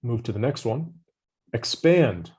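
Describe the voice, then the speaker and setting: A man's voice: mid-range voice, lively intonation, unhurried, darkish tone, slightly rough. Encouraging male English tutor. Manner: encouraging, gives hints and praise. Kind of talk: online vocabulary lesson.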